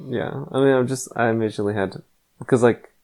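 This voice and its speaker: A man's voice: medium pitch, steady tone, a little fast, darkish tone. A man co-hosting a casual anime review podcast, talking in a laid-back, rambling way with many fillers. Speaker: podcast co-host.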